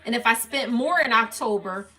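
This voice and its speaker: A woman's voice: a little high, normal speed, bright, forceful tone. A woman hosting a livestream, reading out her monthly spending figures and explaining them step by step to viewers. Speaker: budgeting livestream host. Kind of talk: casual budget walkthrough livestream.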